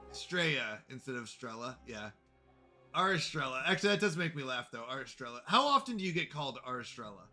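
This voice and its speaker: A man's voice: mid-range voice, pushed and bright. A man chatting casually with his viewers while playing a game on a live stream, rambling and friendly. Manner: chatty, rambling, talks to chat. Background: faint background music.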